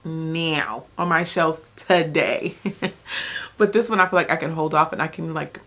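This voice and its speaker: A woman's voice: sits low, measured pace, a bit bright. A young woman chatting casually in a book vlog, rambling with many restarts and fillers, sometimes talking while she eats. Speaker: book vlogger.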